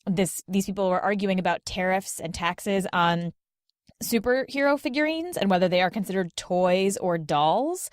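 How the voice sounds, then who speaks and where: A woman on a podcast talks in a loose, chatty style, full of "like" and "um" and quick laughs. Her voice is mid-pitched and sits in a dry, close recording with no room sound. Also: expressive, no room sound. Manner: chatty, heavy use of "like" and "um", laughs often. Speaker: guest podcaster. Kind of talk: casual chat.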